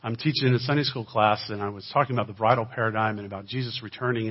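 A man giving a sermon-style talk as a guest speaker, swinging between loud emphasis and quiet asides. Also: mid-range voice, racing, few pauses. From United States. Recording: dull lo-fi recording.

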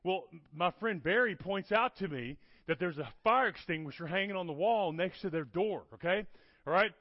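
At a normal speed and with a voice that sits high, a male guest preacher tells stories in his sermon, animated and frequently asking "okay? all right?". The recording has no room sound and is dull, dry, and lo-fi.

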